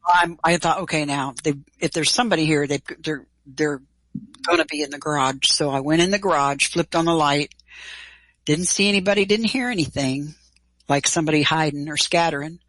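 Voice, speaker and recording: A woman's voice: deep voice, brisk, dry recording, rough recording. Middle-aged woman retelling a story, dry sound. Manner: lively, animated retelling with quoted dialogue and casual cursing. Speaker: guest. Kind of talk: personal storytelling in an interview.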